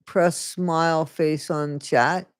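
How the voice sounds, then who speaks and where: A livestream host speaks in plain, casual commentary that is blunt and openly scornful, with frequent swearing. Asides to the live chat fill the breaks. The sound is close and dry, at a mid pitch. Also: fairly even intonation, takes it slowly, clean tone, no room sound.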